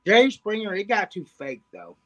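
A man chats casually on a podcast with a relaxed, profane manner. His voice is notably high for a man. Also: moderate pace. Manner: laid-back, swearing, storytelling. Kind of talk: casual chat.

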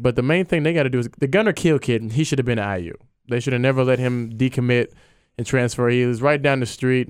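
A man's voice: medium pitch, clean tone, no room sound, clean studio sound. A man co-hosting sports talk radio, opinionated and rambling. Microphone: studio microphone.

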